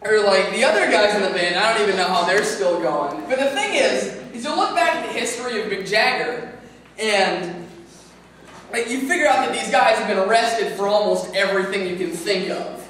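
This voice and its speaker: Rambling stand-up comic in an echoey venue. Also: male voice, sits high, lively intonation, moderate pace, fairly bright tone, a little hiss or hum. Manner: rambling, filler-heavy, talks through laughs. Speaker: comedian. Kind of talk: stand-up comedy at an open mic. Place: open mic venue. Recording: echoey room from far off.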